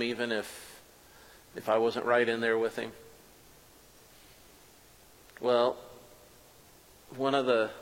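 A man's voice: mid-range voice, fairly bright tone, long reverb tail, rough recording. A man performing a first-person dramatic monologue as a preacher, telling the story earnestly with self-mocking asides. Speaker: preacher performing a biblical character.

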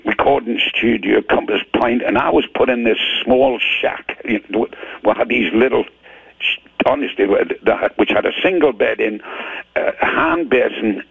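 An older man with a Geordie accent from Newcastle, telling rambling, animated anecdotes with stammers as a guest in a casual interview. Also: medium pitch, dry recording. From Newcastle, England. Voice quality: gravelly, husky. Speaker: guest rock singer. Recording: tinny phone line.

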